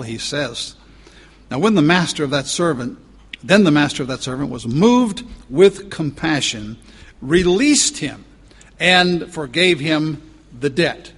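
A man preaching a sermon as pastor, emphatic, slowing down to stretch out key words. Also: a little high, lively intonation, fairly bright tone, breathy edge. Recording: long reverb of a large hall.

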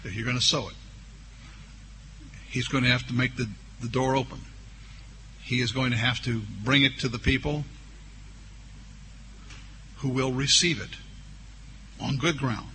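Bright and forceful, a man's medium-pitched voice carries a sermon over a little hiss or hum. He reads scripture aloud, draws out key words slowly, and speaks the objections listeners might raise.

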